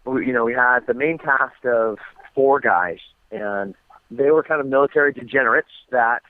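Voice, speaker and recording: A man's voice: mid-range voice, normal speed, dry recording. American man on a tinny phone line. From United States. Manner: relaxed storytelling with many ums and restarts. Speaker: guest fighter. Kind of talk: phone interview.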